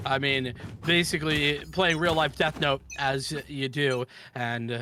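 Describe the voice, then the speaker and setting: A man casting a live esports match, building fast excitement during big plays. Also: mid-range voice, noisy background. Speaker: esports play-by-play caster.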